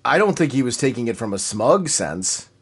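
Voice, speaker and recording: A man's voice: mid-range voice, sing-song, normal speed, breathy edge. A man co-hosting a podcast in casual chat, emphatic and enthusiastic, often repeating his points. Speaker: podcast co-host.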